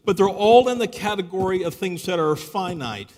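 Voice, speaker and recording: A man with a high voice gives a live apologetics talk in a large church hall. He tells the story as he goes and keeps asking his listeners rhetorical questions. A long reverb trails behind every phrase. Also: lively intonation, normal speed, a little mellow. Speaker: Christian apologetics speaker.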